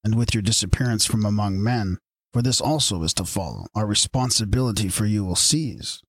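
A man's voice: on the low side, a little fast, breathy edge, no room sound. A man reading aloud as the solemn spokesman of a secret order, delivering formal pronouncements. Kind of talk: audiobook reading.

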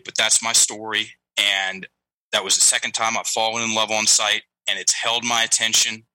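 Middle-aged male coach guest, lively storyteller who acts out his characters; very bright, forward tone, dry close mic. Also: mid-range voice, no room sound, poor audio. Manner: animated storyteller, acts out quoted lines. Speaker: guest, breathing and language coach. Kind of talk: storytelling interview talk.

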